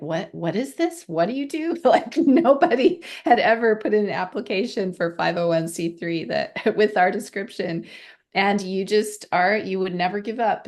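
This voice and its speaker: A woman with a somewhat low, gravelly voice speaks earnestly over a video call. She thanks her community in a sincere, grateful manner. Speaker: founder and teacher of an animal healing method. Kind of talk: heartfelt thank-you speech.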